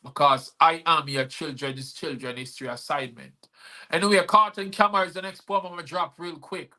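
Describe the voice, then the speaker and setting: A man's voice: on the high side, steady tone, a little fast, pushed and bright. A man hosting a live-streamed show, talking in a rambling, earnest way with many fillers. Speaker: host and poet.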